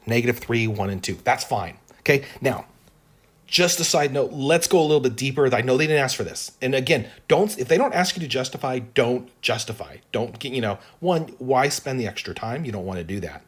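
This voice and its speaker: A math teacher with a medium-pitched, slightly rough voice leads an exam-prep calculus lesson. He thinks aloud while working through the problem and keeps checking in with "right?".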